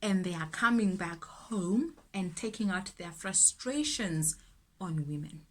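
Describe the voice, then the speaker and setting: A woman's voice: lowish voice, animated, unhurried. A young South African woman with a South African accent, chatting earnestly and indignantly while getting ready, with emphatic repetitions. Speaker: YouTuber. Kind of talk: casual get-ready-with-me chat.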